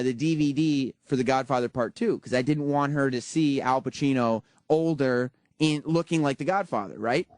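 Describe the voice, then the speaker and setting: A man's voice: mid-range voice, no room sound. A man hosting a radio show, chatting and teasing his co-host in casual studio banter, with many fillers.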